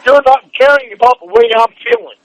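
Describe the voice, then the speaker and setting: Furious high-voiced man, sore from shouting. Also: level tone, fairly quick, a little hiss or hum, low-quality recording. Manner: furious, shouting, heavy swearing. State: sore, strained voice. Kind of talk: heated private argument.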